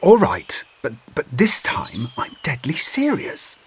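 A man's voice: medium pitch, huge pitch swings, measured pace, slight background noise, pitched above the performer's own voice. A man reading aloud voices a jumpy young male outlaw who stammers and gets flustered. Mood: anxious.

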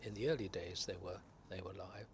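An older man from England's West Country, an actor guest reminiscing in unhurried anecdotes about his career. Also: deep voice, fairly even intonation, slight background noise. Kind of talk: reminiscing interview.

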